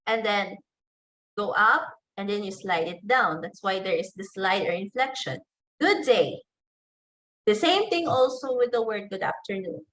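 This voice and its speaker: A woman with a Filipino English accent teaching an online class, slow and deliberate, saying example phrases aloud to show them. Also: mid-range voice, a bit bright, poor audio.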